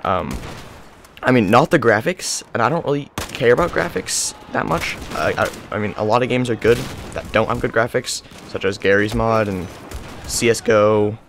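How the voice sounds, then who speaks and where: A man's voice: fairly low pitch, animated, normal speed, creaky, a bit bright, a little hiss or hum. A young man casually commenting on his gameplay, rambling and breaking into panicked yelps and whining. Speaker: gaming YouTuber.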